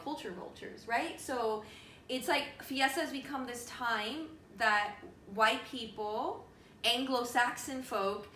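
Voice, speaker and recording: A woman with a bright, forceful, fairly high voice co-hosts a casual podcast. She speaks frankly and outspokenly and swears freely. Her voice rings in an echoey room with faint noise behind it. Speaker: podcast co-host. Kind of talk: casual chat.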